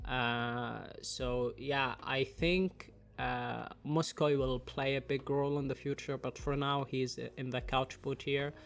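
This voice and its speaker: A man's voice: medium pitch, level tone, slow pace, vocal fry, hardly any pauses, fairly bright tone. A man with a congested voice from the flu, casually rambling through a fan tier list with lots of fillers and some swearing. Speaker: anime and manga commentator.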